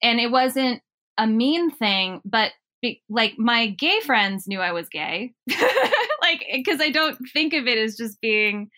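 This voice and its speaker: A woman's voice: fairly high pitch, expressive, slow pace, pushed and bright. A woman talking casually as a podcast guest, rambling and often breaking off to restart her thoughts. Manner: rambling, self-interrupting, laughs often. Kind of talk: casual conversation.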